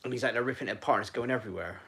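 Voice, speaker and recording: A man's voice: medium pitch, very fast, pushed and bright, husky. A man chatting casually on a live stream from home, rambling and talking to viewers and his dog.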